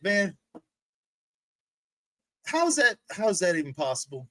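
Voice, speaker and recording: A man's voice: high voice, sing-song, extremely slow, long pauses, sharp tone, no echo. A man streaming, ranting and mocking someone with profanity and frequent laughter, from a recliner indoors. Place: indoors, sitting in a rolling recliner.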